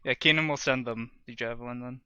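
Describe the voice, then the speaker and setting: A man chats through a tabletop game in a plain, matter-of-fact tone. His voice is bright. The recording is dry and a bit dull, with no room around it. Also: medium pitch, fairly even intonation, quick pace, smooth, no echo. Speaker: player. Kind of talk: casual tabletop game chat.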